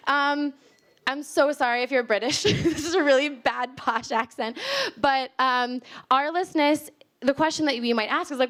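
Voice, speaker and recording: Speaking slowly in a high, fairly bright voice, this young American woman talks casually about linguistics before a live crowd at a library event. She's chatty and laughs a lot.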